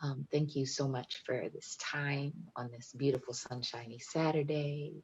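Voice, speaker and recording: A woman's voice: extremely low pitch, fairly even intonation, measured pace, a little mellow, slightly rough, lo-fi sound. A woman poet reading her poems with emphatic, playful delivery and chatting between them over a video call. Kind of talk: poetry reading and chat.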